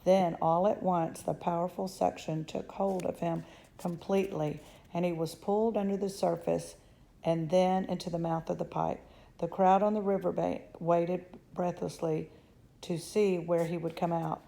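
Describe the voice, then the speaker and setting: Gravelly-voiced woman reading a storybook. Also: lowish voice, steady tone, moderate pace, warm tone, poor audio. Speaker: storybook reader. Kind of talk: reading a children's novel aloud.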